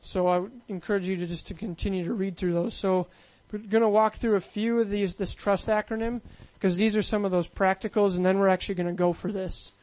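High-voiced man preaching casually. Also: little pitch movement, brisk, a little mellow, low-quality recording. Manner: casual, conversational preaching with many fillers. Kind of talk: sermon.

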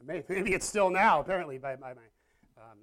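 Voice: medium pitch, brisk, fairly bright tone. Chatty preacher talking to a live audience. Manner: chatty, self-deprecating, asks the audience questions. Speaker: pastor. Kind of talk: casual conversational sermon. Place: church or meeting room with a live audience.

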